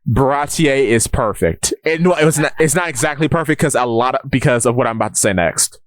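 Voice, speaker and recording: A man's voice: mid-range voice, brisk, no room sound. Rambling podcast man, dry close sound. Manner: rambling recap with many restarts. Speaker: podcast co-host. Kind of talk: casual chat.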